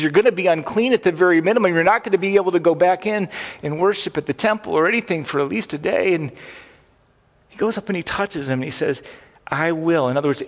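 Man preaching in a reverberant hall. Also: sits high. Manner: conversational preaching with restarts, acting out cries and prayers. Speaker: pastor. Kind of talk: sermon.

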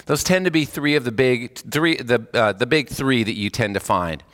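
In a large hall, a man talks at a moderate pace with a slightly bright voice. As a hospice chaplain preaching in a casual, chatty way, he imitates quoted people through sudden pitch jumps.

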